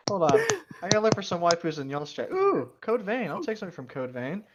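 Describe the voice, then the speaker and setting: A player in a tabletop game, teasing the others playfully. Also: mid-range voice. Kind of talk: casual tabletop game chat.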